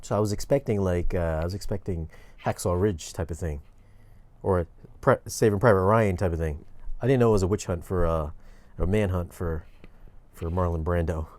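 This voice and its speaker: Male co-host, very deep and dark-toned, relaxed and rambling opinions. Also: normal speed, dry recording. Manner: laid-back, rambling and blunt. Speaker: podcast co-host. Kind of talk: casual podcast chat.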